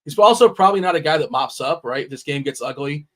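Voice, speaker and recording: A man hosting a daily fantasy sports stream, talking in a loose, rambling way. His voice sits a little high, and it jumps in energy when he gets worked up. He laughs easily between points. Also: quick pace. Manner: animated, rambling, laughs often. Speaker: DFS show host. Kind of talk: casual sports chat on a livestream.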